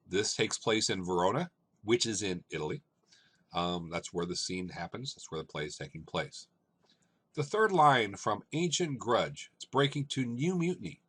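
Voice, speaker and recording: A man teaching a lesson, explaining step by step in short, deliberate phrases and checking in with his listeners as he goes. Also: deep voice, a bit bright, husky.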